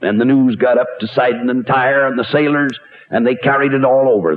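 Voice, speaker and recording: A man preaching a radio sermon, animated and rhetorical, with wide swings in pitch. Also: brisk. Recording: tinny narrow-band radio recording.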